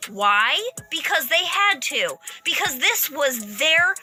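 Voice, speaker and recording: A woman's voice: high-pitched, big pitch swings, slow pace, bright, forceful tone, faint music behind. A woman delivering an angry, profane political rant, hammering her words with heated emphasis. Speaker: political commentator.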